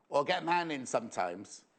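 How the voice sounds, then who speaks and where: A man presenting a live shopping show in a playful, jokey, chatty way, reading out viewer messages. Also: a little high.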